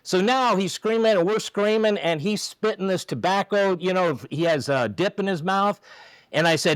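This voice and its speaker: A former umpire telling lively stories in a casual chat, acting out shouted quotes. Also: male voice, high-pitched, moderate pace, no room sound, low-quality recording. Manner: lively, acts out quotes with raised voice.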